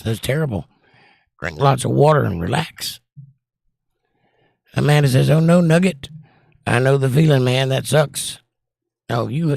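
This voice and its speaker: Hoarse, squeaky man with gravelly voice. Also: dry recording, clean studio sound. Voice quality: squeaky, croaky. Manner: wry, blunt, reads chat messages aloud. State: hoarse, losing his voice. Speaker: livestream host reading chat. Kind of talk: casual chat.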